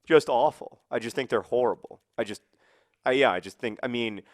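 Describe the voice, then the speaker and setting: A man's voice: mid-range voice, fairly quick, no echo, studio quality. A man giving casual, rambling commentary while playing a football video game, with wry, mock-outraged asides. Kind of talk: casual let's-play commentary.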